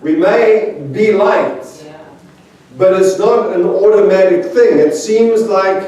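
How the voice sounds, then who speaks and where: A man with a high-sitting, dark-toned voice preaches slowly as a guest speaker in a large church sanctuary. Between chatty, self-mocking funny stories he chuckles, and the very echoey hall makes him sound far off.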